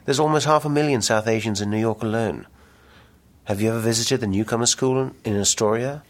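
A man's voice: mid-range voice, brisk, pitched above the performer's own voice, close to an everyday voice. A man voicing a brash, ambitious businessman with big schemes, reading the dialogue aloud in a pushy salesman's patter. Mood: insistent. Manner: salesman patter, insistent and grandiose.

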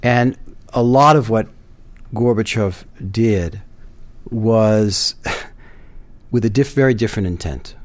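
Low-voiced man weighing his words. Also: no echo. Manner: measured, hesitant, many fillers and restarts. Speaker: guest commentator. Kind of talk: political panel discussion.

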